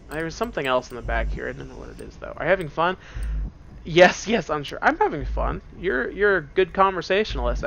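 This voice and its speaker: A man's voice: a little high, creaky, fairly bright tone, a little hiss or hum. A man casually joking and rambling through commentary on a game, seated at a computer at home. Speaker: let's play gamer.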